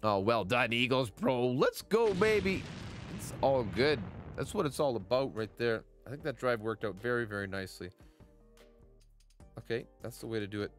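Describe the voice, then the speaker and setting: Brief: male streamer, 30s, mid-pitched, chatty and joking, casual game commentary. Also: moderate pace, fairly bright tone, faint music behind. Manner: playful, chatty, greets viewers by name.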